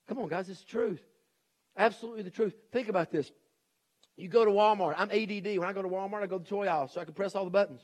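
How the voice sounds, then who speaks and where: A middle-aged man delivers a sermon in a folksy, emphatic style. His voice sits a little higher than most men's, and he keeps circling back to hammer his point, slipping into the voices of the people he quotes. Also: quick pace. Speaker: preacher and educator.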